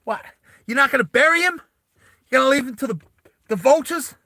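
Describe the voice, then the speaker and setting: A man voicing a grieving, hot-headed male soldier who is shouting in anguish. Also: very high voice, lively intonation, fairly quick, no echo, clean studio sound, voice pushed up, full character voice. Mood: outraged. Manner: anguished outburst.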